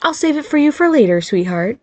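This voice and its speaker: A woman's voice sits high, very animated and a little fast, raised above her natural pitch, with no room sound. She performs a chatty, nervous, cheerful middle-aged fairy godmother mom in an audiobook, eagerly chattering and reassuring.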